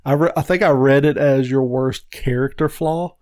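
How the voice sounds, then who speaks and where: A man's voice: mid-range voice, fairly even intonation, normal speed, a little mellow, no echo, studio quality. A man co-hosting a casual podcast, ranting about his store's customers and swearing freely. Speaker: podcast co-host, game store owner. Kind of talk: casual chat.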